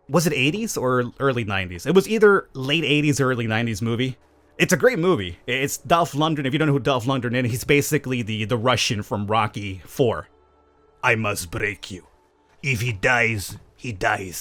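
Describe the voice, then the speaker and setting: A man's voice: mid-range voice, no room sound. A man hosting a gaming channel, answering viewer questions in casual, chatty commentary with opinionated, wry asides. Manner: chatty, opinionated, self-aware cynical asides.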